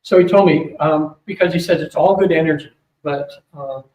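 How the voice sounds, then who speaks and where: A man's voice: on the high side, moderate pace. Older man telling a story in a roomy hall. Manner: rambling, animated storytelling with many fillers. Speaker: speaker at a psychic fair. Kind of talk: storytelling talk to an audience. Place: hotel event room. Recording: roomy, distant mic with faint hum.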